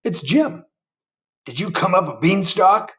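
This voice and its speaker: A man's voice: high-pitched, very animated, unhurried, fairly bright tone, pitched above the performer's own voice, heavily acted. A man voicing a curious, brave young boy in a picture book read aloud, with a wondering, eager tone. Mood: matter-of-fact.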